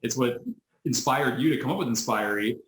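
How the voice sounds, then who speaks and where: In a casual storytelling interview, an American business owner speaks fast in a mid-range voice, and his video-call audio has a roomy echo. He brings his stories to life by acting out quoted voices, with many restarts along the way.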